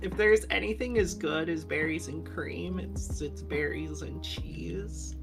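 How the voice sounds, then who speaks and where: A woman's voice: low voice, measured pace. A woman co-playing on a game stream, chatting casually and giggling as she tells little stories about herself. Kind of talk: casual gaming chat. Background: lo-fi music.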